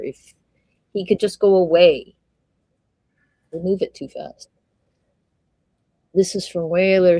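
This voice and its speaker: A woman with a low, mellow voice giving casual live commentary as a livestream host. She reads messages aloud and drops in quick asides of her own. The sound is close and dry, with no room around it. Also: dry recording, poor audio.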